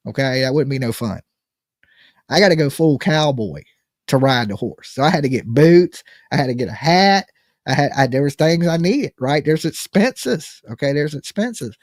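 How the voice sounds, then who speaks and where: A man's voice: a little high, darkish tone, no echo, clean studio sound. A man hosting a live call-in stream, chatting casually and profanely, joking at his own expense and saying "okay" often. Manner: joking, self-mocking. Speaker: live call-in show host. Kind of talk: casual rambling livestream chat.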